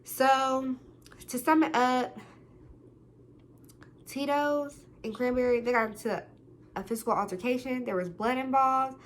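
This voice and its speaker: A woman's voice: sits high, unhurried, pauses often, a little hiss or hum. A young adult woman vlogger telling a story in a casual, slangy way, with plenty of swearing. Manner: chatty, slangy, animated retelling with swearing.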